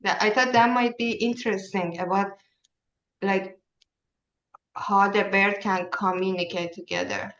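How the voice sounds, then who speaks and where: Lady running a workshop, tells a story slowly, lots of uhs, sounds far off in an echoey room. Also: mid-range voice, steady tone, fairly bright tone. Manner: halting, searching for words, many fillers. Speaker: workshop leader. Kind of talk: casual storytelling. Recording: roomy, distant, dull sound.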